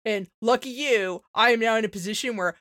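A woman's voice: on the high side, fairly quick, a little hiss or hum. A woman in her thirties, a veterinarian co-hosting a podcast, telling stories in casual chat, full of "like" and "you know", acting out her own lines. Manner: animated storyteller, acts out her own quotes; many fillers like "like" and "you know".

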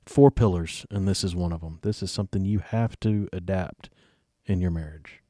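Emphatic man, low mellow voice. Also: moderate pace, dry recording, clean studio sound. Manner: emphatic, firm. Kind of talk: casual faith-based chat.

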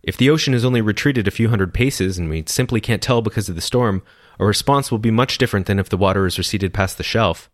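A man's voice: lowish voice, fast talker, dry recording, clean studio sound, pitched above the performer's own voice, lightly acted. A man voicing an anxious male scout making an earnest report.

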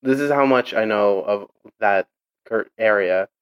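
A man's voice: lowish voice, unhurried, smooth, low-quality recording. Rambling young man in casual chat. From Portuguese heritage. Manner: rambling, many fillers and restarts.

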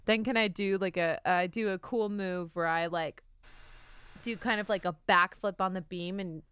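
Chatty, animated woman tabletop player; smooth voice, dry close mic. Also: fairly low pitch, normal speed, no room sound. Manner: animated, chatty, with many fillers when planning moves. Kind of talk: casual tabletop game play.

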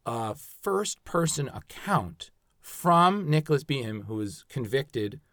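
A man's voice: mid-range voice, sing-song, slow pace, fairly bright tone, dry recording, clean studio sound. A man hosting a casual true-crime podcast, explaining the case with hesitant stops and restarts. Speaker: podcast host.

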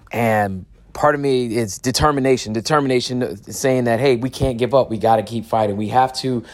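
A man giving personal testimony, halting and searching for words, with frequent restarts. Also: medium pitch, darkish tone.

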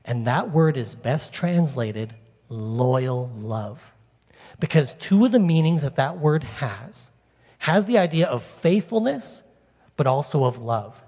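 A man preaching a sermon to his congregation in a lively, conversational way, asking them questions and drawing them in. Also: mid-range voice, takes it slowly. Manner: animated, conversational, talks directly to the congregation. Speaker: pastor. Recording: long reverb of a large hall.

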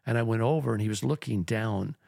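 A man's voice: on the low side, a little fast, vocal fry, a little mellow, dry recording, studio quality. A man who is a pastor, telling a long story in a rambling, earnest podcast chat.

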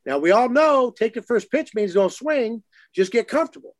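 A man hosting a casual chat, telling youth sports stories and acting out quotes in lively voices. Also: moderate pace, dry recording, studio quality. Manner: animated, acts out quotes in lively higher voices.

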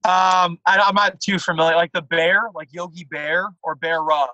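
A man's voice: high voice, fairly even intonation, normal speed, bright, forceful tone, no room sound, poor audio. A man chatting casually as a podcast guest, loose and self-deprecating.

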